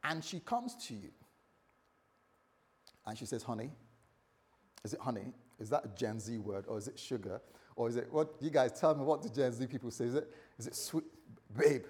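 This man's voice is animated and a little mellow, and he moves at a brisk pace through a morning sermon. He keeps it conversational, jokes around with the congregation, and dramatizes the story's dialogue by altering his pitch and volume.

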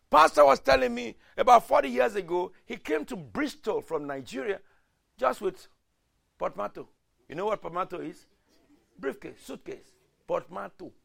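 A man delivers a sermon in a high, gravelly voice. His pitch leaps and falls all over the place, and he swings from hushed asides to shouted declarations. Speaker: preacher.

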